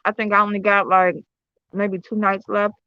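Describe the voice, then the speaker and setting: With a bright, forceful, clean-toned mid-range voice that barely moves in pitch, a woman hosts an indoor livestream at home at a moderate pace. She chats with viewers through loose, profane storytelling heavy on fillers. Her computer or phone streaming software gives slightly dull lo-fi audio.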